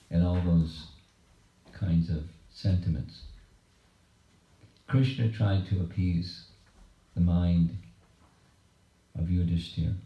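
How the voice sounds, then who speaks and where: A man giving a scripture class at a home program, retelling the story in slow, measured, halting phrases. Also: sits low. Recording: dull, roomy recording from a distance.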